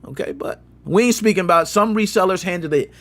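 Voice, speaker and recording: A man hosting a gaming channel, telling a story in slangy, lively commentary and acting out quotes with sound effects. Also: sits high, quick pace.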